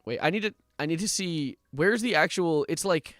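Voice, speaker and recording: A man streaming live in casual chat, animated and profane, quick to laugh. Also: a little high, no room sound, studio quality. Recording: faint music underneath.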